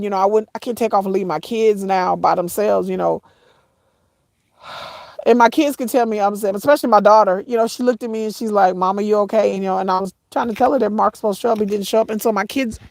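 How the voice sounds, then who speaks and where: A woman's voice: medium pitch, vocal fry, a little mellow, no room sound. Tearful woman telling a painful story. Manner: halting, repeats herself, addresses viewers as y'all. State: tearful, voice breaking at times. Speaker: vlogger. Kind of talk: emotional personal storytelling to viewers.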